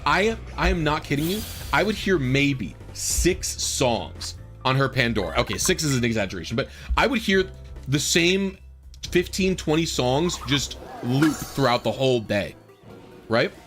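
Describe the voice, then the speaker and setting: A man's voice: medium pitch, sing-song, measured pace, a bit bright, faint music behind. A man streaming a game, rambling casually through a story with lots of fillers and exasperated asides. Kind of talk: casual storytelling while gaming.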